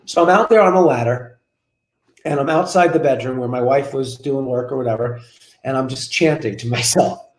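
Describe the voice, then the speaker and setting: A man's voice: fairly high pitch, moderate pace. A man in his forties, a business coach and guest on a web show interview, telling stories energetically and repeating phrases for emphasis from his office over a video call. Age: 40s. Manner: energetic, repetitive, storytelling. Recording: roomy room echo.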